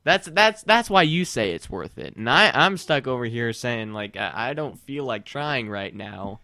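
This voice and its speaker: Lively, bright-voiced young man chatting. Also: mid-range voice, moderate pace, dry recording, clean studio sound. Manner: teasing, rambling with many restarts. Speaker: friend chatting. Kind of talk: casual chat.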